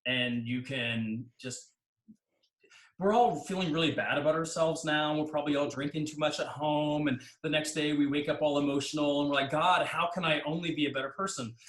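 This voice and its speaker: Male guest, choir director, chatty and wry, slightly high voice, roomy video-call sound. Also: fairly even intonation, fairly quick, a bit bright. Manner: chatty, self-deprecating humor. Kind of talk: casual interview chat.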